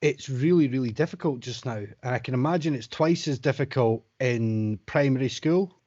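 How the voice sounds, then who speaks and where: A man's voice: medium pitch, moderate pace, dark tone, lo-fi sound. A man co-hosting a casual podcast chat, frank and sweary, who builds his points with rhetorical questions. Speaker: podcast co-host, college lecturer.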